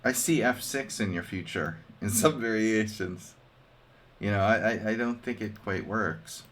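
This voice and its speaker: A man's voice: fairly low pitch, measured pace, a bit bright. A man casually commenting on his chess games during a live stream, joking with chat and thinking aloud over moves.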